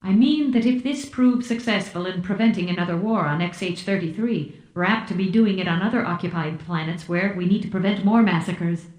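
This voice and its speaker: A man's voice: high voice, fairly quick, hardly any pauses, lightly acted. A woman reading an audiobook voices a cheerful, teasing male telepath with an easygoing manner. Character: cheerful wry male telepath, mentor type. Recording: roomy echo.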